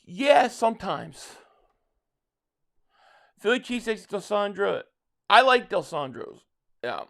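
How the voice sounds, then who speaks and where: A man's voice: high-pitched, big pitch swings, slow pace, vocal fry, fairly bright tone. A man from South Jersey hosting a live stream, chatting casually and rambling as he answers viewer comments, with frequent restarts. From South Jersey, near Philadelphia.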